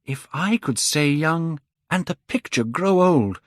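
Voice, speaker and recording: A man's voice: a little high, animated, unhurried, dry recording, clean studio sound, pitched above the performer's own voice. A man voicing a beautiful, vain young man who pleads in anguish. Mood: despairing.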